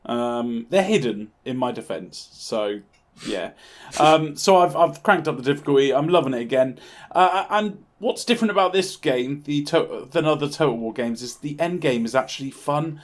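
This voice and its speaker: A man co-hosting a gaming podcast, chatting casually in an animated, rambling way and laughing easily. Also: a little high, moderate pace. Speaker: podcast co-host.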